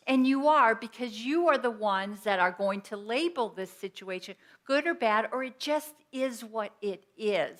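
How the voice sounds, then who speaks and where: A woman's voice: a little high, lively intonation, a little slow, hardly any pauses, fairly bright tone. Earnest woman preaching a conversational sermon. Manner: earnest, personal, teaching with everyday examples. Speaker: minister.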